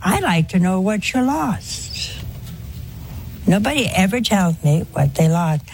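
An older woman giving a conversational religious talk, folksy and gently humorous, full of rhetorical questions. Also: medium pitch, sing-song, measured pace, gravelly, a little hiss or hum. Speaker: religious speaker. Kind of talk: talk to an audience on confession.

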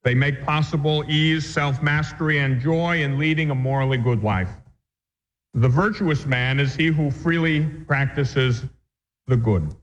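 A man, a priest, teaching a catechism class in an earnest, deliberate way, reading from the text and then explaining it. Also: mid-range voice. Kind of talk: catechism lecture. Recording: echoey dull lo-fi recording.

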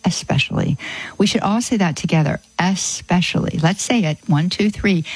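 A woman's voice: fairly low pitch, fairly quick, darkish tone, breathy edge, dry recording, rough recording. A middle-aged woman hosting a live call-in radio show, chatty and friendly, often repeating the phone number. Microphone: studio microphone.

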